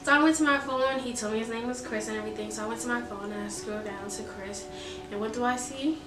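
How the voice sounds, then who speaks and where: A young woman with a Southern accent tells a story in a lively, casual way and slips into the voices of the people in it. Her voice sits a little high. She sounds a bit distant in an echoey room, with music playing behind her. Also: quick pace. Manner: animated, acts out quoted dialogue. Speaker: vlogger telling a story.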